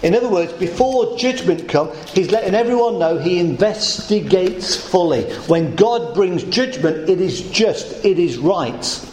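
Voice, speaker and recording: A middle-aged pastor preaching a sermon, emphatic and rhetorical, slowing words down for effect, in a church hall. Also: male voice, high-pitched, lively intonation, darkish tone, slight background noise.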